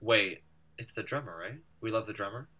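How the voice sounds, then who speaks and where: A man co-hosting a podcast in casual chat, teasing and quick to interject. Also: on the low side, bright, forceful tone. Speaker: podcast co-host.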